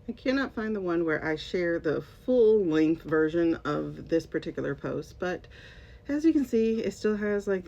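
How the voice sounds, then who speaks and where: With vocal fry and a mellow quality, this woman addresses her audience directly in a laid-back vlog, once having taught English. She leans on sarcasm and emphasis, heard through dull, lo-fi audio with a faint rumble.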